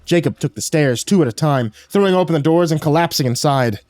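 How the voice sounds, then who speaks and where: A man's voice: fairly high pitch, brisk, darkish tone, no echo. A man reading a horror story aloud in a dramatic storytelling manner. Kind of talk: scripted horror narration.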